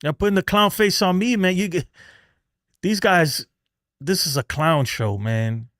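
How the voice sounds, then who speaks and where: A man's voice: high voice, a little slow, a bit bright, dry recording, clean studio sound. Fired-up man ranting on a live stream. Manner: angry, exasperated ranting with swearing; repeats himself and restarts, laughs in disbelief. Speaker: livestream host. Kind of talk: live sports rant.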